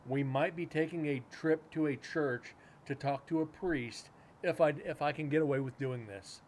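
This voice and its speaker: A man's voice: fairly high pitch, normal speed, darkish tone, a little hiss or hum. A man hosting a paranormal livestream, chatting casually in a loose, rambling way with some swearing. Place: home room with a cat nearby.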